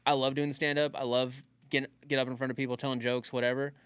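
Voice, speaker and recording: A man's voice: medium pitch, level tone, fast talker, a bit bright, smooth, no echo. A man who does stand-up, co-hosting a podcast in casual chat, earnest and rambling with many fillers. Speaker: podcast co-host, stand-up comedian.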